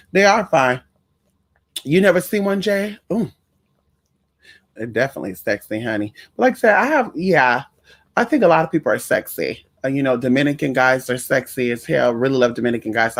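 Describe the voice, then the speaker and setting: A man's voice: medium pitch, fairly bright tone. A man hosting a casual livestream as a spiritual reader, talking in a sassy, profane, campy way and greeting viewers by name. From Puerto Rican family in the US.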